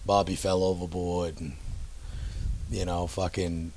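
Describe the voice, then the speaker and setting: A man's voice: deep voice, flat delivery, a little slow, darkish tone, slight background noise. A man with a Down East Maine accent, grumbling and swearing his way through casual banter with friends. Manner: grumbling, swears freely, does exaggerated local impressions.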